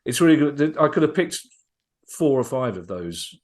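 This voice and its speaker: A man, a comedian guest on a podcast, telling stories in a lively way with frequent restarts. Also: medium pitch, normal speed. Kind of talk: anecdotal podcast chat.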